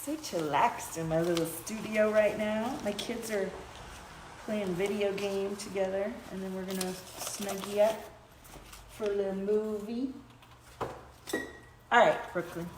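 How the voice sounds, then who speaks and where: A woman chats casually through a spiritual livestream, drifting between card readings, viewer shout-outs and bits of chanted syllables. Her voice sits at a middle pitch and rings in a roomy, echoey small home studio. A faint background hiss comes from a webcam-style mic. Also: fairly even intonation, unhurried, long pauses. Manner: loose and chatty, breaks into light-language chanting and humming. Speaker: livestream host reading oracle cards.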